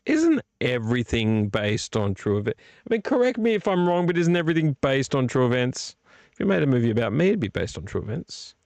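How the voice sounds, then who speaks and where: Gravelly man rambling on a live stream. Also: mid-range voice, very animated, brisk, a little mellow, dry recording. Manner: rambling and chatty, swears freely; enthusiastic, talks to the chat directly. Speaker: host of a live vlog. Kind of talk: casual live-stream chat.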